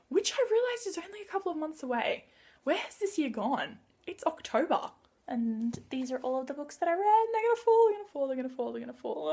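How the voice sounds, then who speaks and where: A woman chatting excitedly through a casual book wrap-up vlog, gushing and chatty. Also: fairly high pitch. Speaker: book vlogger.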